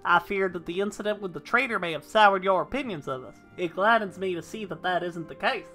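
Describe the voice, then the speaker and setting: Woman reading a formal male game officer; bright, stately, courteous. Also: on the low side, fairly quick, soft background music, natural voice.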